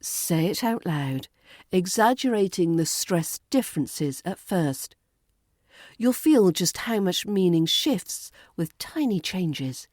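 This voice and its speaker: A woman with a British RP accent teaching pronunciation on a podcast, deliberately stretching out example words. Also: fairly low pitch, very animated, a little mellow, dry recording, studio quality. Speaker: accent coach.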